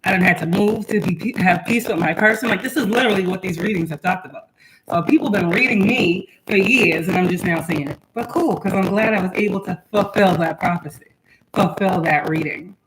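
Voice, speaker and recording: A woman's voice: on the low side, fairly quick, noisy background. A young woman, chatting on a home livestream as a spiritual reader and laughing as she talks to her kids. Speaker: spiritual reader and channel host. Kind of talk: casual livestream talk.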